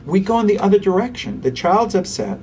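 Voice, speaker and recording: A man, a pediatrician and interview guest, who talks animatedly and acts out quick voices for parents and toddlers. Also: sits high, very animated, mellow, recorded from a distance, a little hiss or hum. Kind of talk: conversational interview.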